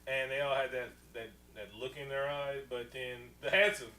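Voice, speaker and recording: A man co-hosting a casual podcast, recapping a movie in slangy, animated talk, laughing often and acting out the characters. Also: medium pitch, normal speed. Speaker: podcast co-host. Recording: echoey room, far from mic, faint hum.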